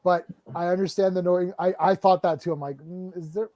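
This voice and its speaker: A man's voice: high-pitched, fairly even intonation, quick pace, dull audio. A man in a casual chat who speaks with enthusiasm and emphasis.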